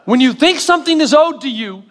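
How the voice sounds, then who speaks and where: A middle-aged male pastor delivering a sermon with animated storytelling and self-mocking humor. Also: very high voice, a little fast, big-room sound, slight background noise.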